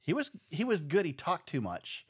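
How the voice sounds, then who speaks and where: A man hosting a podcast in casual chat, easygoing and quick to laugh. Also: a little high, wildly swooping pitch, a bit bright, husky. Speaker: podcast host.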